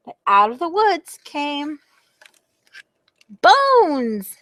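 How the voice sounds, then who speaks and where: A woman reading a picture book aloud for a library storytime, with a slightly high voice. She is expressive and playful and makes sound effects. The recording is dry and close. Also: takes it slowly, no room sound.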